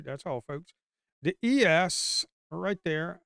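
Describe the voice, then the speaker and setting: A man's voice: a little high, slow, gravelly, a bit bright, clean tone, dry recording, clean studio sound. Man muttering live trading commentary. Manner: talks to the screen, coaxing the market aloud; mutters and curses under his breath. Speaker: livestream day trader.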